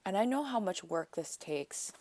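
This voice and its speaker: A woman's voice: mid-range voice, animated, normal speed, darkish tone, no echo. A woman craft vlogger in her thirties, chatty and exclamatory as she opens a package on camera. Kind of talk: casual unboxing vlog.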